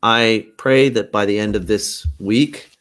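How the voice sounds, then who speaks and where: A man talks on his own live stream in a slightly low voice. He speaks earnestly and haltingly, circling back as he thinks aloud, picked up by a computer mic. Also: fairly even intonation, a bit bright. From Canada. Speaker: host. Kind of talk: casual live-stream monologue.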